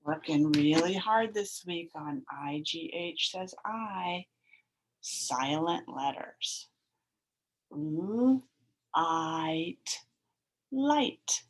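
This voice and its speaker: A woman teacher giving a phonics lesson to young children over a video call, sounding out letters slowly and clearly. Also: mid-range voice.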